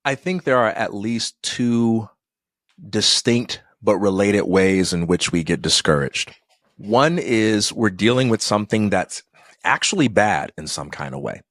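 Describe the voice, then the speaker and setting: A man's voice: on the low side, expressive, measured pace, a bit bright, no echo, clean studio sound. A middle-aged man, a podcast guest, telling stories and reflecting in a thoughtful conversational way. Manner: thoughtful, acts out quoted people in dialogue.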